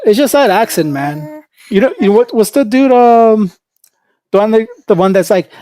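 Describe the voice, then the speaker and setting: A woman's voice: fairly low pitch, animated, moderate pace, mellow, no room sound, studio quality. A woman livestreaming in casual chat, rambling and opinionated, with lots of fillers.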